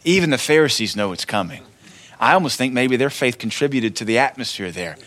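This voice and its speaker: A man's voice: medium pitch, lively intonation, fairly quick. Conversational male preacher. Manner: conversational preaching, swings between loud declarations and quiet asides. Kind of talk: sermon. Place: church.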